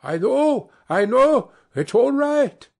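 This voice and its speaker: A man putting on a cheery, high-pitched boyish young man. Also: takes it slowly, exaggerated voice. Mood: cheerful. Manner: eager, excitable shouting from a riverbank.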